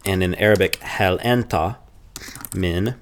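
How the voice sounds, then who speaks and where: A man with a very low voice teaches a language lesson. He explains patiently and repeats sample phrases slowly and clearly. Keyboard typing sounds now and then. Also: a little hiss or hum. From Chicago.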